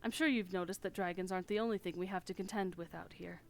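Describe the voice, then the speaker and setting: A woman voicing a brisk, matter-of-fact male camp hand who hands out hunting work, reading game dialogue. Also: fairly low pitch, fairly even intonation, creaky.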